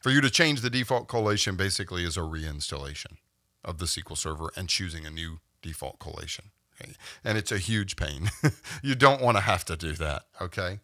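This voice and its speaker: A man teaching a screen-recorded software tutorial, explaining step by step and checking in with "okay?" as he goes. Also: sits low, lively intonation, brisk, no echo, studio quality. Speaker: instructor.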